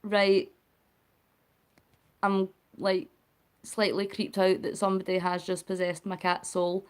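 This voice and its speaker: A woman's voice: medium pitch, little pitch movement, slow, long pauses, clear, resonant tone. A woman chatting affectionately with viewers on a charity live stream, laughing often. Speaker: vlogger livestreaming a charity cycle.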